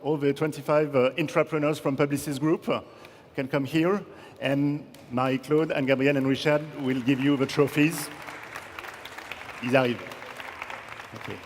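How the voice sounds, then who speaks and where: A man's voice: mid-range voice, steady tone, moderate pace, pauses often, some chatter behind. A man hosting an awards ceremony on stage, courteously calling people forward and introducing speakers. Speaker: ceremony host. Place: large conference hall. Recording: hall reverb, audience and ambient noise.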